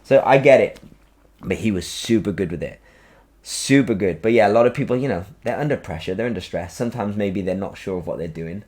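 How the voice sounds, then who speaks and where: Chatty man with a low voice. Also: brisk. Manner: animated storytelling, swears freely, acts out quotes. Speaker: podcast host. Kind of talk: casual chat.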